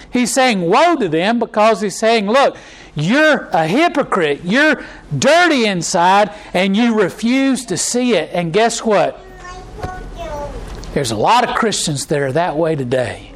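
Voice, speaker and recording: A man's voice: high voice, fairly bright tone, rough recording. A pastor preaching a conversational sermon to his church, with many fillers and restarts and mocking impressions.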